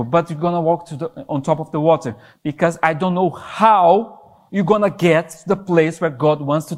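Impassioned high-voiced male youth preacher. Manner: impassioned, rises and falls in pitch for emphasis. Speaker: youth pastor. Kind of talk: sermon.

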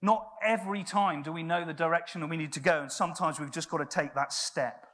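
A man's voice: on the high side, fairly even intonation, fast talker, fairly bright tone. A man preaching a sermon in a church, telling stories in a conversational way with frequent restarts.

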